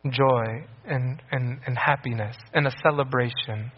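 A man's voice: mid-range voice, steady tone, a little slow. A man preaching a sermon in an earnest way, repeating key phrases for emphasis. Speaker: priest. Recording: dull lo-fi recording.

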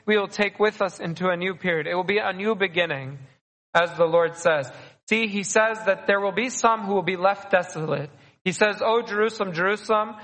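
Male priest, sermon delivery, loose and conversational, high voice, big reverberant church. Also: fairly bright tone. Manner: conversational, repeats and restarts phrases.

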